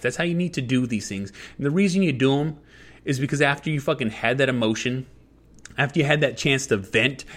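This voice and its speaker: A man hosting a podcast, giving blunt life advice in an emphatic, profanity-heavy monologue that circles back on its points. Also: medium pitch. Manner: emphatic, heavy swearing, repetitive. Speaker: podcast host.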